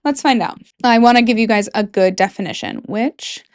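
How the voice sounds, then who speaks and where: A woman's voice: fairly high pitch, animated, moderate pace, no room sound, clean studio sound. A young woman from Michigan, speaking with a Michigan accent, hosts a casual solo talk about folklore from her bedroom, chatty and joking with whispered asides. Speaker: podcast host.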